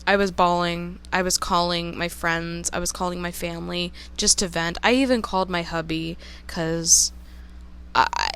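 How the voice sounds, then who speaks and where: A woman's voice: fairly low pitch, fairly even intonation, normal speed, a bit bright, clean tone. A young woman telling a personal story in a casual vlog monologue, candid, emotional and openly profane. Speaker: storytime vlogger.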